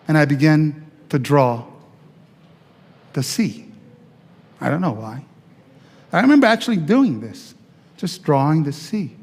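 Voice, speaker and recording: A male pastor from Italy shares his testimony from the pulpit in an easy, chatty way, turning to the congregation with questions. His voice sits high for a man. The sound rings with long reverb in a church sanctuary. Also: darkish tone. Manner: conversational, chatty with fillers and audience asides. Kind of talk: testimony sermon storytelling.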